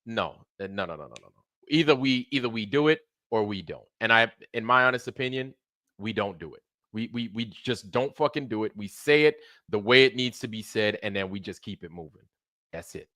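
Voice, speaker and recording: A man's voice: on the low side, lively intonation, brisk, bright, forceful tone, dry recording, clean studio sound. A man hosting his own livestream, ranting casually with lots of swearing, repeating points and asking rhetorical questions. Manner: profane, repetitive and emphatic, with frequent rhetorical questions. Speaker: streamer hosting a show.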